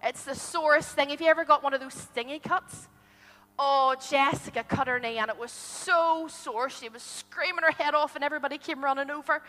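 A woman telling a story to a group of children, animated and asking them questions as she goes. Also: high-pitched, brisk. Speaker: children's storyteller at a church holiday club. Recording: long hall reverb.

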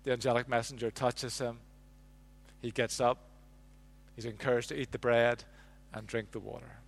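A man's voice: medium pitch, normal speed, gravelly. Man preaching a sermon. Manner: animated storytelling, drops to a hush on quotes. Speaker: pastor.

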